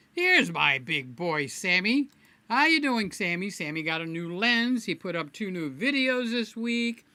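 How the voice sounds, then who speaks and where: Bright-voiced man rambling on a live stream. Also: sits high, no room sound. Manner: rambling, playful, addresses viewers by name. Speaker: livestream host. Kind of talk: casual live-stream chat.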